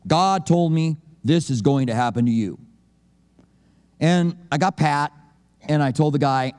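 A man's voice: fairly high pitch, animated, normal speed, a little mellow, big-room sound. A man preaching a sermon as a pastor, talking conversationally and acting out quotes with humor. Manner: conversational, joking, acts out quotes.

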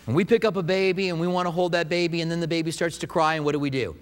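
A man preaching a sermon as pastor, lively and conversational, often asking the congregation questions. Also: a little high, very fast, in a large hall.

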